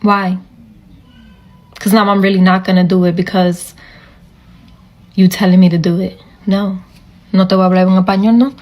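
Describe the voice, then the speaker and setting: A woman chatting casually to camera in an animated way, switching between two languages. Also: medium pitch, normal speed, long pauses, dull audio. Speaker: video creator.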